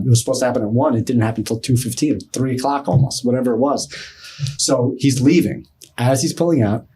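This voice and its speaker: A middle-aged man, telling a story with a husky, slightly rough voice. He is animated, switches into other people's voices as he acts out their lines, and swears casually. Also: medium pitch. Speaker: podcast guest.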